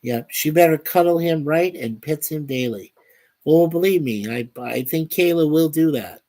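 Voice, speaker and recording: A man hosting a casual live stream, reading viewer comments aloud in an unhurried way and chuckling often. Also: on the high side, mellow. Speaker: livestream host reading chat.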